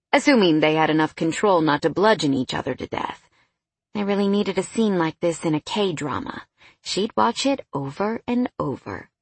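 A woman narrates an audiobook in a steady, even storytelling voice. Her pitch sits in the middle of the range. The recording is dry and close, with no room sound. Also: slightly rough, no room sound. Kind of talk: scripted narration.

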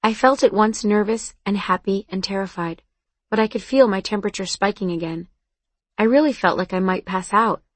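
A woman narrates a first-person novel in a soft, understated way. Her voice sits at a middle pitch, and the recording is dry and close with no room around it. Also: normal speed, no echo. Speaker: audiobook narrator.

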